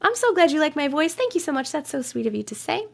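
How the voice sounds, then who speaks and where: A young woman hosting a livestream, reading viewers' stories aloud and chatting casually, her voice a bit rough from a cold, humming filler syllables while she waits. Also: high-pitched, very animated, fast. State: voice rough from getting over a cold.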